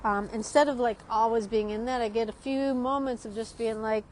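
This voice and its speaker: A woman's voice: on the high side, steady tone, brisk, a little mellow, slight background noise, rough recording. Chatty woman rambling at a street café. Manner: chatty, rambling, often adds "right?", laughs a lot. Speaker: art teacher vlogging. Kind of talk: casual rambling monologue. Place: outdoor street café in a city. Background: street ambience.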